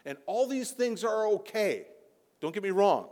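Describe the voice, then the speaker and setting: A man with a high voice preaching a sermon, his delivery swelling into loud, impassioned peaks. His voice rings out with a long reverb, as in a church sanctuary. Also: very animated, a little slow. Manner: impassioned, building to near-shouting peaks. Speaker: pastor.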